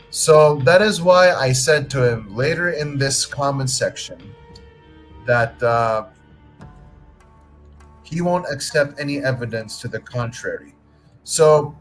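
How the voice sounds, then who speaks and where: A man's voice: mid-range voice, rough recording. A man hosting a livestream, arguing his point with frequent restarts and some swearing. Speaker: livestream host. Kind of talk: casual livestream commentary.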